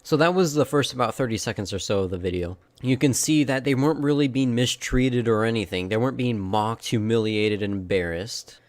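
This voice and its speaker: A man talks through a video in a relaxed, conversational way, sounding firmly opinionated. His voice sits at an ordinary middle pitch, and he slips into quick imitations of the people he describes. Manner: opinionated, mimics the people he quotes. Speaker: commentary host. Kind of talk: casual video commentary.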